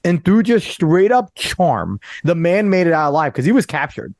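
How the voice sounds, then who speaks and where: A man holds forth in casual podcast chat, his voice bouncing high and low as he gets excited. His pitch sits a little on the high side, and the sound is close and dry with no room around it. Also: normal speed, dry recording. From Northeastern US. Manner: animated, excitable storytelling, leans on "quite literally". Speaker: podcast co-host.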